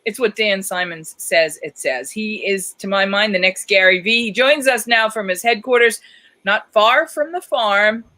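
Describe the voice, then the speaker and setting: A woman's voice: medium pitch, normal speed, sharp tone, poor audio. A woman hosting a live talk show, chatting in a theatrical, enthusiastic way. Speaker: show host.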